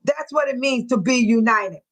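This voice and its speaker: A woman hosts a casual livestream and greets her viewers by name. Her voice sits a little high, and she talks with open feeling. The talk is loose and personal. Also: moderate pace, a bit bright, rough recording. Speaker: livestream host.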